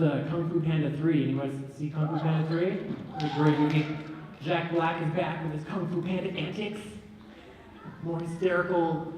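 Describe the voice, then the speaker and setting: A young man from New Mexico doing live stand-up comedy, telling rambling, animated stories with deadpan asides. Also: on the high side, background noise. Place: stage in a large hall. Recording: echoey hall, distant mic.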